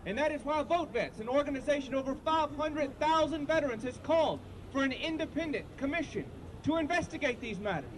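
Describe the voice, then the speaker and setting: A man leading a veterans group, giving an earnest, halting rally speech outdoors and repeating himself. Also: very high-pitched, animated. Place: outdoor street protest. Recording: crowd noise outdoors. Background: crowd and street noise.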